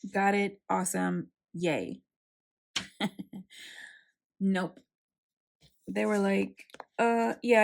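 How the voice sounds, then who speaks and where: Chatty woman with a creaky voice. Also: on the low side. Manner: animated, acts out quotes with sarcasm. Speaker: planner vlogger. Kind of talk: chatty storytelling while crafting.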